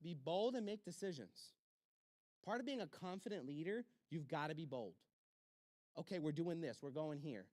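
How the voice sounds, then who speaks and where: A pastor leads a church leadership class, a man with a fairly high voice who drives his points home with short, punchy commands. He slips into quick back-and-forth lines to act out conversations. The sound is dry and close. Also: a little mellow, dry recording.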